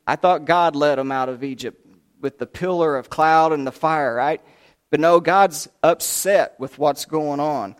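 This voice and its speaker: A man's voice: a little high, a little slow. A man preaching a sermon in a folksy, conversational storytelling way.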